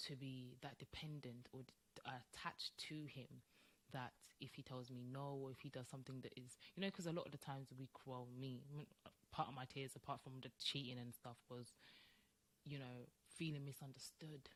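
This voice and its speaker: A woman's voice: very deep voice, fairly even intonation, normal speed. A woman co-hosting a podcast in casual chat, talking emphatically and acting out quoted voices. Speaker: podcast co-host.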